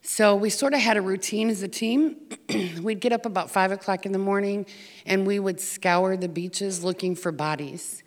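A woman's voice: medium pitch, moderate pace. American woman telling a story in a hall. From United States. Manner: earnest storytelling with fillers. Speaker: speaker telling of volunteer work. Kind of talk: personal story talk.

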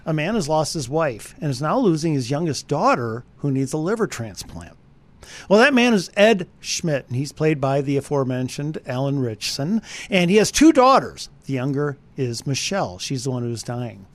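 A man giving a conversational radio movie review, animated and speaking straight to the listeners. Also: a little high, moderate pace.

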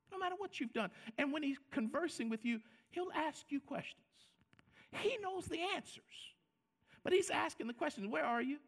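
A man preaching a sermon as a pastor, in an animated style that acts out quoted lines and repeats words for emphasis. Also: very high-pitched, gravelly, husky.

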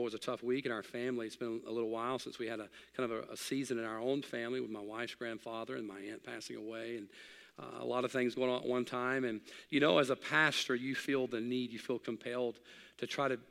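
A middle-aged man preaching a sermon as pastor, swinging from loud, excited exhortation to hushed, quiet reflection. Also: medium pitch, creaky, big-room sound.

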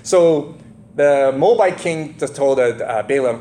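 A man's voice: medium pitch, lively intonation, slow, warm tone, a little hiss or hum. A man preaching a sermon in a loose, conversational way, retelling a scripture story and often checking in with the listeners. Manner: loose, filler-heavy retelling with restarts. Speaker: pastor.

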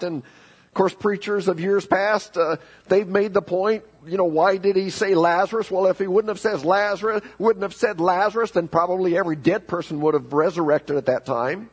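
Male pastor preaching in church; husky, gravelly voice that builds to loud emphasis. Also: a little high, fairly even intonation, a little fast. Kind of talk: sermon. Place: church sanctuary.

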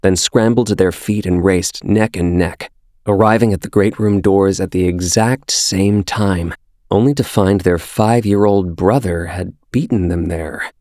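A man narrates an audiobook in a low voice, taking his time with measured storytelling. The recording is very dry and close, with no room sound at all. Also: darkish tone, no echo.

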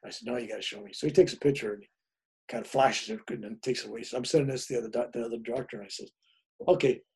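A man's voice: medium pitch, racing, husky. An older man, a reverend, telling a long personal story in a casual way and acting out the voices of the people in it. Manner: animated storyteller, acts out quoted voices. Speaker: guest, reverend.

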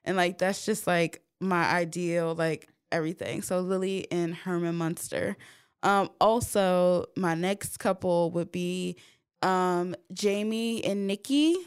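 A woman's voice: on the low side, fairly even intonation, takes it slowly, clear, resonant tone. Giggly blunt woman chatting. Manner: blunt, giggly, lots of fillers. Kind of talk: casual chat.

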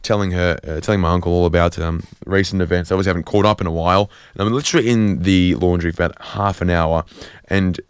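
A man's voice: low voice, steady tone, fast talker, clean tone, dry recording. An Australian man hosting a community radio show, rambling through a self-deprecating comic monologue with lots of fillers and restarts. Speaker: radio host.

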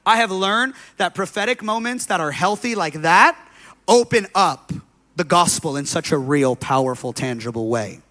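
Man preaching in a slightly high voice. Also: lively intonation, moderate pace, pushed and bright. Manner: conversational preaching, storytelling with many fillers. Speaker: pastor. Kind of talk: sermon.

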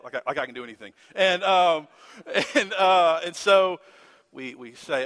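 Bright-voiced pastor in a hall. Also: male voice, fairly high pitch, moderate pace. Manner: candid, self-mocking storytelling. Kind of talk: sermon with personal story. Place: church sanctuary. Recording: reverberant church hall.

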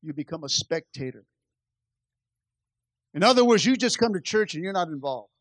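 A man's voice: a little high, expressive, moderate pace, no echo. A man preaching a sermon to his church, repeating phrases and restarting words as he presses his point. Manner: preaching with rising and falling intensity, many repetitions and stammered restarts. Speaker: pastor.

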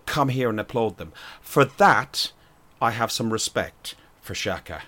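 A man hosting a casual podcast chat, forceful and swearing as he steers the talk. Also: mid-range voice, lively intonation, a little slow. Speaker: podcast host.

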